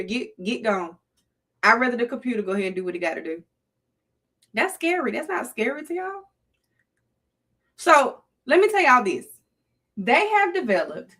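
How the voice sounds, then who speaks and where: Talking to her chat on a laid-back livestream, this middle-aged Southern US woman comes across as playful and preachy. Her voice sits high and sounds pushed and bright.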